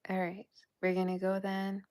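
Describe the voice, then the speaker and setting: A woman hosting a tarot livestream, winding down late at night in a soft, affectionate tone that often drops to a whisper. She sounds tired. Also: medium pitch, completely flat delivery, normal speed, clean tone. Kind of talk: casual livestream sign-off chat.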